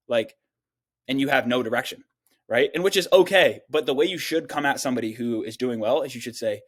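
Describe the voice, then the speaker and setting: A young man rattles off blunt, profane business advice at a rapid clip. He leans on slang and fillers and keeps dropping into quick mock voices of the people he describes. His voice sits at an ordinary middle pitch. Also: expressive. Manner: acts out other people's lines in quick quoted voices. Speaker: online business coach. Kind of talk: casual advice monologue.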